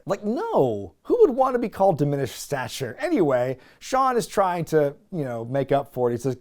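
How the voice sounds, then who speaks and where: A man's voice: on the high side, huge pitch swings, moderate pace, hardly any pauses, darkish tone. A man hosting a podcast, recapping an old episode in casual, sarcastic, exasperated commentary. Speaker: podcast host.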